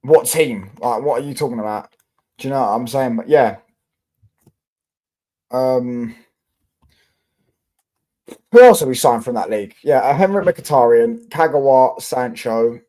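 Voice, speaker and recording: A man's voice: medium pitch, a little slow, long pauses, warm tone. Slangy London man on a livestream. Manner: chatty, slangy, answers chat comments with swearing. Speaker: football livestream host. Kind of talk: casual livestream chat with viewers.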